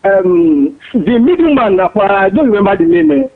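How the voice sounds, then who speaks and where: A man's voice: high-pitched, big pitch swings, normal speed, crowd noise. A male caller speaking hesitantly with many fillers over the phone. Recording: tinny phone line.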